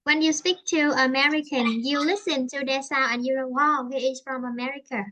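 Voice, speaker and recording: A woman's voice: high-pitched, fairly even intonation, a little fast, sharp tone, poor audio. A woman English teacher with a southern Vietnamese accent, chatting and explaining at length in a conversational lesson, with many fillers and restarts.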